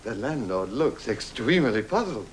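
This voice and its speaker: A man impersonating an elderly male British politician with a British accent, telling a pub joke slowly and precisely in an archive TV sketch, with audience laughter behind him. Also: mid-range voice, sing-song, slight background noise, lightly acted. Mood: dry. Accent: British English.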